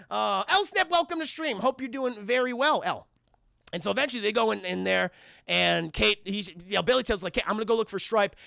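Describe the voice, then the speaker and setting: High, gravelly, bright-voiced man streamer. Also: moderate pace, no echo, clean studio sound. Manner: animated, profane, acts out characters. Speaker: streamer and film reviewer. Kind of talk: casual film recap to live chat.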